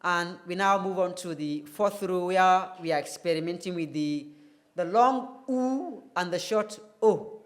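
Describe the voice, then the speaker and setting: Male English tutor, TV phonetics lesson, slow and methodical, repeats sounds for the class. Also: high-pitched, lively intonation. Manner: slow, deliberate, repeats sounds to demonstrate them.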